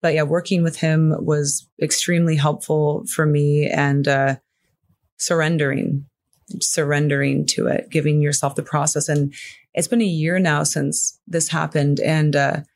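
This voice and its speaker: A woman's voice: deep voice, flat delivery, unhurried. A woman who works as a grief coach, talking candidly as an interview guest with a frank, earthy manner and many fillers.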